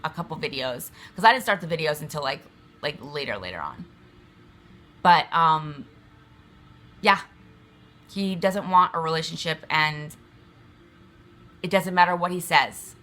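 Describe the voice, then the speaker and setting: With a lowish, pushed, bright voice, a woman vlogger vents to the camera in an agitated, emphatic ramble. She swears a lot and leans on fillers throughout.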